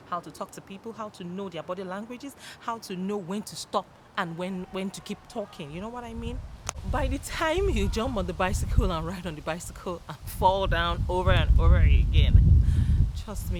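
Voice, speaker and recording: An upbeat woman gives a motivational talk in a chatty, energetic style. She laughs often and now and then jumps into loud, high-pitched greetings. Steady traffic noise is clearly heard behind her voice. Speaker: motivational YouTuber.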